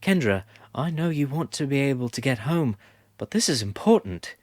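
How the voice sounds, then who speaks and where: Storybook character: a man doing a heated, insistent young woman, high and animated. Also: moderate pace, dry recording, studio quality, lightly acted. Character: fierce, indignant young woman.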